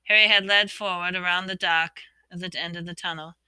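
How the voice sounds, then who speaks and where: A woman reading a storybook aloud, expressively voicing the characters' shouts and whispers. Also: on the low side, steady tone, fairly quick, smooth, no echo. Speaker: audiobook reader.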